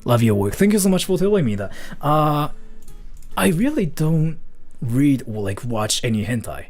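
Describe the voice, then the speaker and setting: A man's voice: fairly high pitch, animated, normal speed, soft background music. A Japanese man speaking English with a Japanese accent, chatting casually on a livestream and reading donations, repeating himself and laughing easily. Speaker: streamer.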